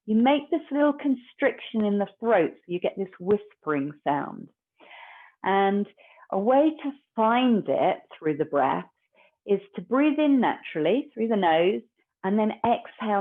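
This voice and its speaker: A woman, a yoga teacher guiding a class in a calm, gentle, unhurried way. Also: mid-range voice. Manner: calm, slow, gentle guidance. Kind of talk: guided yoga instruction. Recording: tinny phone-like recording.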